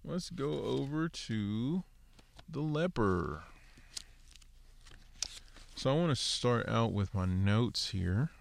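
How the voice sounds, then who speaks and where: A man's voice: medium pitch, animated, slow pace, creaky, pauses often. A man teaching a casual scripture lesson, walking through Hebrew word studies with lots of "so" and "okay.". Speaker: Bible teacher.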